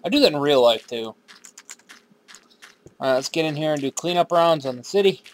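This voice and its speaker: A man's voice: a little high, animated, fairly quick, a little hiss or hum. Chatty man doing a rambling game commentary. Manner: rambling, swears freely, talks to game characters; drifts into random put-on accents. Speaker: host of a game series. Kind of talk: casual gaming commentary.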